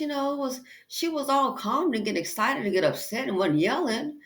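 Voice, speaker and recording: Animated woman giving blunt advice. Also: high voice, fairly quick. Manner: animated and emphatic, addresses viewer as "girl" and "baby". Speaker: commentary channel host. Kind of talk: casual commentary. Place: indoors, exercising while recording. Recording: echoey room.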